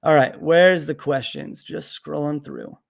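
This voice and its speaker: A young man runs a casual live Q&A about learning to code. He answers bluntly, cracks jokes, and rambles a bit with ums and uhs, in a voice pitched a little above the usual male range. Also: wildly swooping pitch, measured pace, gravelly. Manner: blunt, joking, rambling with fillers. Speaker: livestream host answering coding questions.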